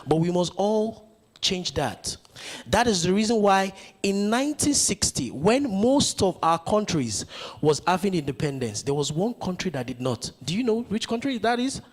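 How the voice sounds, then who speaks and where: With a slightly high, husky voice, a man from Nigeria delivers a motivational conference speech. He rouses the crowd with a stream of rhetorical questions.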